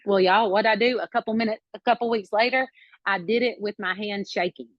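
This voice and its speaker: A woman's voice: mid-range voice, steady tone, a little fast, no echo. A woman from South Georgia with a Southern accent, sharing her story on a group call while nursing a baby, close to tears. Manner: emotional, warm-hearted sharing, near tears. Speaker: team member on a group call. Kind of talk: casual testimony on a video call. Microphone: video call. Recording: dull lo-fi call audio.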